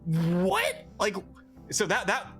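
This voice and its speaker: A young man, a podcast guest, telling a story in casual chat, animated and exasperated, often repeating himself. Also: fairly high pitch, brisk, soft background music.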